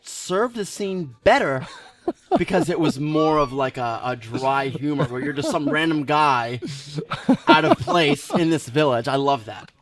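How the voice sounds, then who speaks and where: Man, podcast host, lively pitch, excitable, casual chat. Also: a crowd in the background. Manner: excitable, lively, quick to laugh. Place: podcast set in a games studio.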